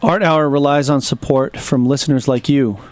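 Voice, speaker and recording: A man reading a plain, even announcement for a radio station. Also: mid-range voice, moderate pace.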